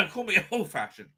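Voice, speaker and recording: A man's voice: high voice, pushed and bright, slightly rough. A man hosting a live stream, rambling crudely and laughing often between his own remarks.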